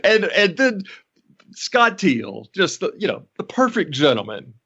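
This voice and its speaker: A man co-hosting a podcast in casual chat, telling stories in an animated way with many restarts and laughs. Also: sits high, a little slow, breathy edge, dull audio. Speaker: podcast co-host.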